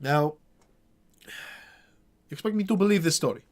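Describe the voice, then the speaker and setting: A haughty town burgomaster, as a man puts him on for a tabletop game, dragging out his words with scorn. His voice leaps high and loud as he lectures, swinging widely in pitch. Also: animated. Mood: scornful. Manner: haughty, drawn-out and dismissive. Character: pompous suspicious male town burgomaster.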